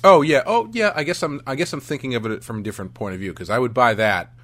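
A man's voice: medium pitch, fast, a bit bright. A man co-hosting a podcast, chatting about a film in a casual, joking way and often restarting his sentences. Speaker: podcast co-host.

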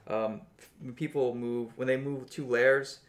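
A man's voice: mid-range voice, fairly even intonation, unhurried. A man co-hosting a casual chat about a cartoon, enthusiastic and easygoing with frequent fillers. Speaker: podcast co-host.

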